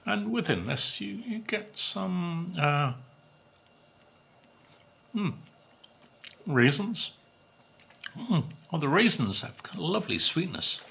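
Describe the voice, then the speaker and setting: A man from Britain tasting cakes on his food vlog, talking slowly and musing, humming as he savors each bite. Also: sits high, big pitch swings, gravelly, fairly bright tone, breathy edge. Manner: slow, musing, savoring with hums between bites. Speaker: food vlogger.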